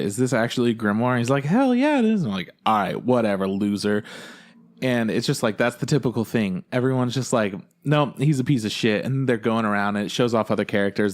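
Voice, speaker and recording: Excitable, profane man recapping anime. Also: lowish voice. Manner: excitable, profane, acts out scenes in quick impressions. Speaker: podcast co-host. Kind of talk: casual chat.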